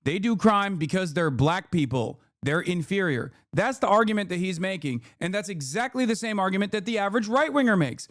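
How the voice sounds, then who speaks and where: Male streamer in his thirties, fired-up reaction commentary, swears freely, slightly high voice, dry close mic. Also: fairly bright tone, no echo. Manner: heated, profane, rapid restarts. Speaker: streamer reacting to a debate clip. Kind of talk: casual livestream commentary.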